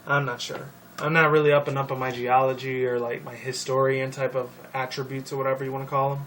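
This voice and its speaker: A young man rambling casually about a video game series, swearing often and filling pauses with ums and likes. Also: medium pitch, flat delivery, fairly bright tone. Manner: profane, rambling, many fillers. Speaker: video commentator. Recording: distant mic with faint noise.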